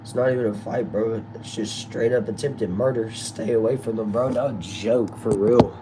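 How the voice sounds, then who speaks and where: A man on the low side vocally, steady in tone and speaking at normal speed, reads his stream's chat aloud against a noisy background. He keeps it casual and slangy, addressing viewers as y'all and bro.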